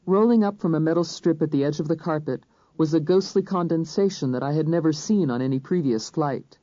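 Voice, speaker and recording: An audiobook narrator reading a crime thriller in first person, measured and even. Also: medium pitch, no echo. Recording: dull, dry studio recording.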